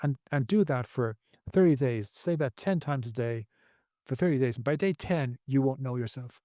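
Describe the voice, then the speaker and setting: A man's voice: mid-range voice, expressive, moderate pace, dark tone, no echo, clean studio sound. A man speaking as a podcast guest, earnest and preachy, repeating phrases for emphasis. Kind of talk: podcast interview.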